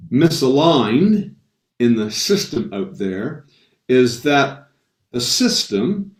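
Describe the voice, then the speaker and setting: A man's voice: mid-range voice, darkish tone. A man speaking as a stress coach to an online roundtable, stressing key points and repeating them. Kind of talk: talk to an online roundtable audience. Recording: roomy sound from a distant mic.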